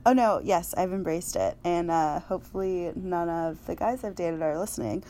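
A young adult woman hosting a podcast, telling stories in a chatty, animated way and laughing often. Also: on the low side, moderate pace. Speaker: podcast host. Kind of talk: casual podcast chat.

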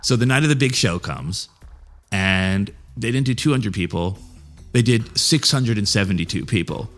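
Rambling, cussing man with a low voice. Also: lively intonation, normal speed, fairly bright tone, soft background music. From New York area. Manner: rambling, profane, lots of "like". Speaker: guest. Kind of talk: casual storytelling.

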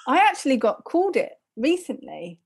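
A woman chatting on a casual podcast, her voice pitched a little high. She tells stories with lively energy and laughs often. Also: normal speed, vocal fry, slightly rough. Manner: animated storytelling, laughs often. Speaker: podcast co-host. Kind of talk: casual chat.

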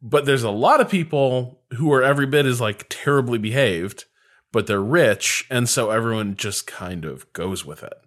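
A podcast co-host with a medium-pitched, fairly bright voice talks at a moderate pace in casual chat. He enthusiastically analyzes the story of a period drama, using frequent fillers.

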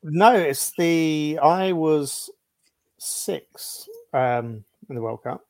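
Scottish man, podcast guest, relaxed storyteller, dry close sound. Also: a little high, very slow, no echo. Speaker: football writer, guest. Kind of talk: casual podcast chat.

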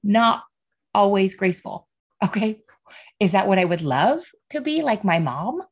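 A woman's voice: medium pitch, expressive, unhurried, breathy edge. A woman in her thirties hosting a casual solo podcast, earnest and heartfelt, speaking openly about faith and feelings and often checking in with "right?" and "okay". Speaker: podcast host.

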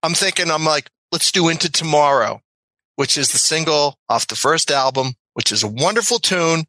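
An excitable man from the United States tells his story with a bright, forceful edge. His voice sits a little high for a man. The room around him sounds dry and close. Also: dry recording, poor audio. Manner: excitable, acts out voices, laughs mid-story. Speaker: guest. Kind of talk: animated storytelling.

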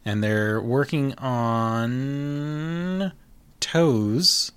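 A man narrating as game master of a tabletop game in a relaxed, halting way with many pauses. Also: medium pitch, smooth.

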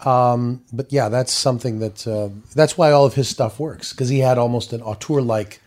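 A man's voice: mid-range voice, fairly even intonation, normal speed, darkish tone. A man, a podcast guest, chatting casually about a film in a musing, self-deprecating way that often trails off mid-thought.

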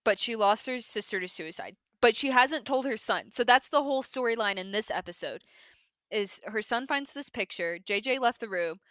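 A woman's voice: fairly high pitch, normal speed, no echo. A young woman co-hosting a podcast, animatedly recapping a TV episode in casual chat, peppering her story with "like". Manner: animated storyteller, heavy use of "like". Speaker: podcast co-host.

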